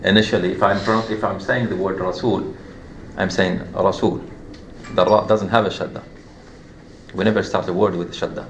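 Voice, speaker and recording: A man's voice: sits low, fairly even intonation, fairly quick. A man teaching a classroom lesson on Quran recitation, explaining patiently step by step with repeated examples. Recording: echoey room, light background hum.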